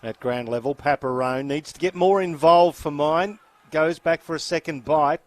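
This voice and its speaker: Australian man in brisk football commentary. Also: on the high side, no echo. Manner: brisk calls with wry asides. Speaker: play-by-play commentator. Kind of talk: sports commentary.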